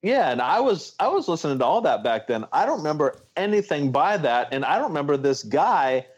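A man's voice: a little high, big pitch swings, a little fast, slightly rough, lo-fi sound. A man co-hosting a comedy podcast, telling a rambling story in casual chat and pushing to make his point. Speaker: podcast co-host.

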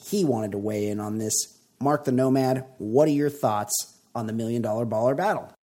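Male podcast host, husky, playful and jokey, casual banter. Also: mid-range voice, normal speed, mellow. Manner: playful, reads listener messages with mock drama. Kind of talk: casual comedic chat.

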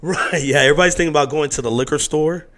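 A middle-aged man chatting casually, telling animated stories, acting out the voices of people in them and swearing freely. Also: a little high, quick pace. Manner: animated storyteller who acts out quotes, swears freely. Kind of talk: casual conversation.

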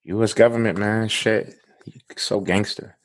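A man's voice: fairly low pitch, fairly even intonation, measured pace, no room sound. A man co-hosting a podcast, talking bluntly and casually with frequent swearing. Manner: blunt, swears freely, laughs often. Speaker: podcast co-host.

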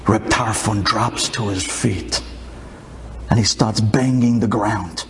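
A man telling a religious folk tale in an animated, dramatic way. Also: on the low side, takes it slowly, a little hiss or hum. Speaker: storyteller.

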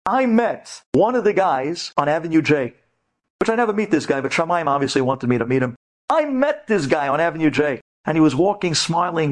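A man with a somewhat high voice delivers a rabbi's storytelling lecture. He speaks directly to the women listening and dramatizes every story, leaping up in pitch to act out the people in it. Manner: dramatic, acts out quoted voices with big pitch leaps.

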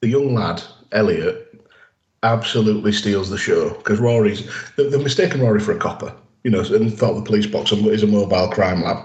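A man's voice: on the low side, fairly quick, a little mellow, roomy sound, muffled recording. A man co-hosting a casual podcast, recapping episodes at length with lots of fillers and restarts. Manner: rambling, enthusiastic recaps with many fillers. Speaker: podcast co-host. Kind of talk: casual chat.

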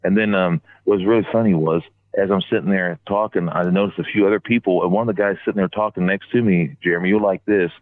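A man telling a long, rambling story in casual chat, getting animated whenever he quotes other people. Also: low voice, fast, few pauses, no room sound. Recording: tinny phone line.

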